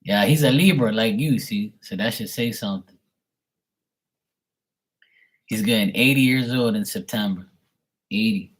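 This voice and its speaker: A middle-aged man with a fairly low voice reads tarot on a live stream, speaking unhurriedly with long pauses. In casual chat he tells a rambling family story, swearing and mimicking his relatives.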